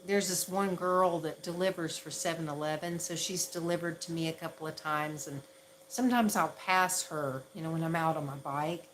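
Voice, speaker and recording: A woman's voice: low-pitched, steady tone, normal speed, a little hiss or hum, low-quality recording. A woman from the Southern United States with a Southern accent, chatting casually on a livestream and laughing at herself often. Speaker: ASMR livestream host.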